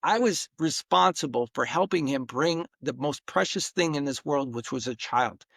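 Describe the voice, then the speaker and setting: Earnest gravelly-voiced middle-aged man. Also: fairly high pitch, normal speed, no echo. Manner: earnest, emotional, animated retelling with acted-out quotes. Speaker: podcast guest. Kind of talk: personal storytelling in an interview.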